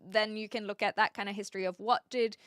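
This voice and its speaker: A woman's voice: medium pitch, fairly even intonation, quick pace, fairly bright tone, no echo, clean studio sound. A woman with an Australian accent, chatting casually with her live stream viewers, often restarting her sentences as she answers the chat.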